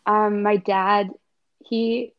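A woman's voice: mid-range voice, little pitch movement, extremely slow, clear, resonant tone, dull audio. A woman from Canada, a podcast guest chatting casually with lots of fillers and laughter. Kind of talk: casual interview chat.

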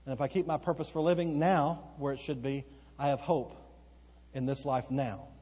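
A male pastor preaching a sermon, swinging between loud emphatic outbursts and slow, quiet, earnest stretches, repeating phrases for emphasis. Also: medium pitch, steady tone, breathy edge. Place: church sanctuary. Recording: long church hall reverb. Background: occasional congregation responses.

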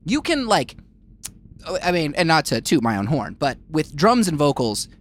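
A man chats casually on a podcast, winding through his thoughts with plenty of ums and false starts. His voice is a little high and moves expressively. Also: very animated, normal speed. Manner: rambling, trailing off, with many ums and restarts. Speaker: drummer and podcast co-host. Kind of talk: casual chat.

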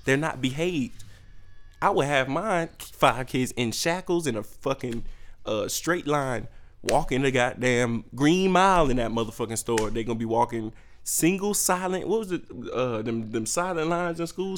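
A young man hosting a podcast, ranting in a profane, animated way with sudden jumps in pitch. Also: normal speed, a little hiss or hum. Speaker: podcast host. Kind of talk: solo comedic rant.

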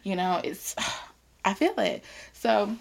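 A woman hosting her own podcast in a casual chat, animated and chatty, swearing freely. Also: medium pitch, slow, vocal fry, husky. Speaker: podcast host.

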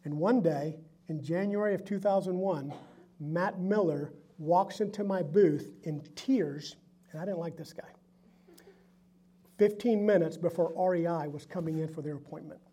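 Casting: middle-aged man, founder testimony, high husky voice, animated storyteller. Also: normal speed. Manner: animated storyteller acting out dialogue. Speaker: company founder sharing testimony. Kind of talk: storytelling talk to a live group.

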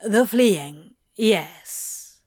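A woman's voice: medium pitch, lively intonation, very slow, a little mellow, breathy edge, no room sound, studio quality, heavily acted. A woman voicing an irritable, bewildered male demon who snarls and balks, in a storybook reading. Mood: exasperated. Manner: snarling, exasperated. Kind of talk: audiobook reading of fan fiction.

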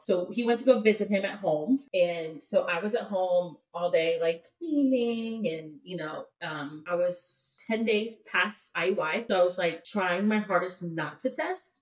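A woman guest in a podcast interview, telling a personal story in a lively way, full of fillers and acted-out thoughts. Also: on the low side, distant mic, low-quality recording. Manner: animated, lots of "like" fillers, acts out her own thoughts.

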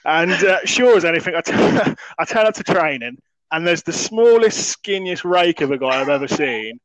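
Animated man telling stories. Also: a little high, dry recording, poor audio. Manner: animated storyteller, quick bursts. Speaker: podcast host. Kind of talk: casual storytelling chat.

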